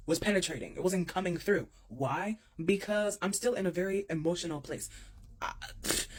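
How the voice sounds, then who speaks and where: Young adult woman, casual storyteller, expressive, repeats lines for emphasis. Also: fairly low pitch.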